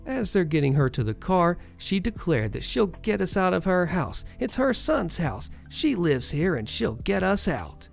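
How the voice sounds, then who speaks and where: A narrator reading online stories aloud in an expressive, animated way. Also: medium pitch, measured pace, gravelly, few pauses, faint music behind.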